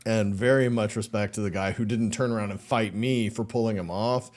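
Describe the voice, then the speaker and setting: A man co-hosting a casual podcast, telling a long story with lively asides and low, quiet voices for the people he quotes. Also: fairly quick. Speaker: podcast co-host.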